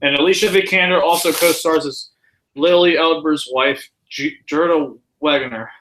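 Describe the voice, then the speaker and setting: Bright-voiced man hosting a podcast. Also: fairly high pitch, moderate pace, slight background noise, rough recording. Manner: excitable, profane, reads listener questions. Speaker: podcast host. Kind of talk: casual chat.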